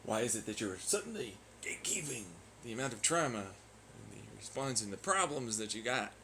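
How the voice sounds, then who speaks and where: A man's voice: medium pitch, animated, normal speed, gravelly, sharp tone, slight background noise, rough recording. A man vlogging in a profane, sarcastic and taunting rant. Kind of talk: ranting monologue.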